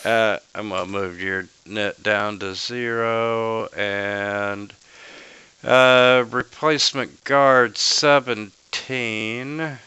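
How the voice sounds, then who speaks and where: Slow, clear-voiced male game master. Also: lowish voice, steady tone, sharp tone, no echo. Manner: slow, halting narration of combat rolls. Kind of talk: narrating a tabletop game.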